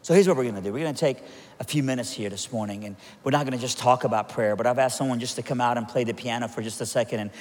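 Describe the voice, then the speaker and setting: A man preaching a sermon, telling a story with lively acted-out quotes and joking asides before turning to prayer. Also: medium pitch, rapid-fire. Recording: long hall reverb.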